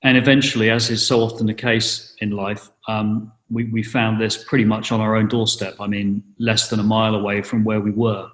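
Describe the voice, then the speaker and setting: Low, flat-voiced English man, echoey room. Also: moderate pace, hardly any pauses. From England. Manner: hesitant, many fillers and restarts. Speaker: interviewee. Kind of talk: casual interview. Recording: roomy echo.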